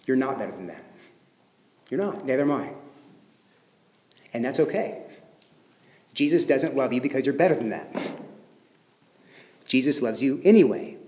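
A man preaching a sermon as pastor, talking conversationally and swinging between emphatic stresses and hushed, quiet phrases. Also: medium pitch, expressive, moderate pace, pauses often. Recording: echoey hall with long reverb.

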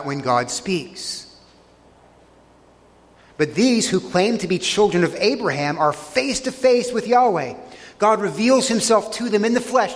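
A man's voice: high voice, long reverb tail. A man preaching a sermon, earnestly retelling scripture scenes and pressing each point with emphasis. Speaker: pastor.

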